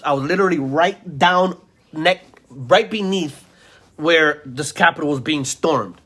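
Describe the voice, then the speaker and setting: A man's voice: fairly high pitch, a bit bright. A man ranting in a video commentary, insulting his listeners, repeating himself and stammering through restarts. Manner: insulting, repetitive, heated rant. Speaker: vlogger.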